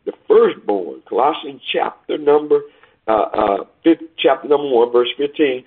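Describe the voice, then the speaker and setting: A man preaching a sermon, reading scripture aloud and explaining it with emphatic swells and hushed asides. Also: mid-range voice, animated, normal speed, husky. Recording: tinny phone-like line.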